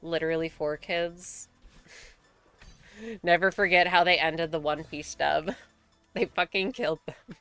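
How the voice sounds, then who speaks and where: Young American woman, game streamer, loose and profane, bright, crisp voice on the lower side, with faint music underneath. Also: slow, pauses often. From United States. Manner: chatty, swears often, laughs between remarks. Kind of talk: casual gaming commentary.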